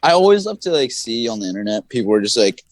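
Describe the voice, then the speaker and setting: A man's voice: medium pitch, fast, dry recording. A man spinning casual stories as a podcast guest, his voice leaping up and down as he gets into it. He laughs and swears freely between lines. He is recorded close and dry, with no room sound behind him. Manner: animated, swings his voice up and down, laughs and swears often. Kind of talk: casual storytelling chat.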